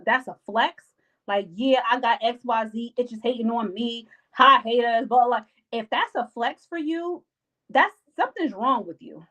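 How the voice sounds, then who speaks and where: A young woman talks straight to her live viewers, handing out life advice in a casual, emphatic way. She leans on slang and repeats her points for weight, and her voice sits a little on the high side. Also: a bit bright, rough recording. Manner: emphatic, repetitive, slangy, acts out friends' lines. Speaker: live-stream host giving life advice.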